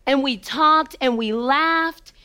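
A woman motivational speaker recounts a personal story in a fairly high voice. She takes her time, leaning on repetition and dramatic pauses. At tender moments she sinks to a hushed near-whisper. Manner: emphatic, repetitive rhythm.

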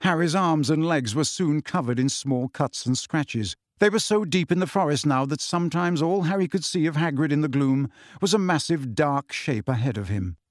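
A man reading a novel aloud in steady, scripted audiobook narration. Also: a little high, normal speed, hardly any pauses, no room sound. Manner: steady storytelling. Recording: dry close studio sound.

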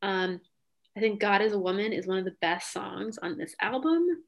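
A woman's voice: mid-range voice, lively intonation, moderate pace. Enthusiastic young woman hosting a chat. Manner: enthusiastic, lots of "um" and "like". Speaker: podcast host. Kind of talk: casual chat.

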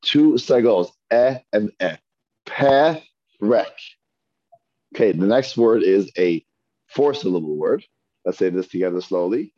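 A man teaches a Hebrew reading class, patiently sounding out words one syllable at a time and asking learners to repeat. His low voice is expressive and warm at a moderate pace, in a lo-fi recording with no room sound.

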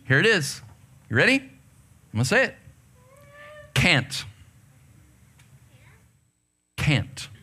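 A man preaching a sermon to a youth group, leading call-and-response and swinging from hushed asides to fired-up outbursts. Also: mid-range voice. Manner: leads call-and-response with the audience.

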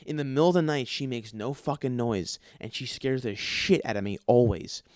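A man hosting a solo comedy podcast, telling a crude, profanity-heavy story in an animated way. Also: mid-range voice, moderate pace, no room sound, clean studio sound. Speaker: podcast host.

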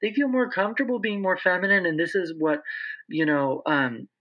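A young man in his twenties, a guest explaining speech patterns in casual conversation, animated, with slightly sharpened S sounds. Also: sits high, normal speed. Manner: animated, lively, slips into imitated voices. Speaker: interview guest, speech-language pathology student. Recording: dull, lo-fi sound.

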